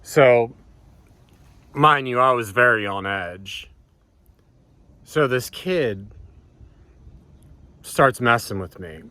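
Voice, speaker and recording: A man's voice: mid-range voice, lively intonation, extremely slow, long pauses, sharp tone, dry recording. A man telling a personal story in a casual, rambling way, swearing freely and often restarting his sentences. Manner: rambling, profane, many restarts and ums. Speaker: vlogger.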